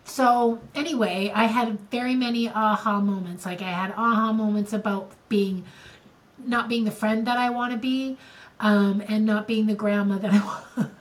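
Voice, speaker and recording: A woman's voice: medium pitch, steady tone, normal speed, rough recording. An older woman co-hosting a podcast, talking candidly and emotionally in casual conversation, with frequent restarts. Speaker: podcast co-host.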